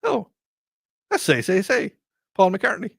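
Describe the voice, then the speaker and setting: A man's voice: sits high, huge pitch swings, unhurried, vocal fry, husky, no echo. A man with an Irish accent hosting a talk radio show, rambling and joking through a casual monologue into a studio microphone. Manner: rambling, digressive, jokey.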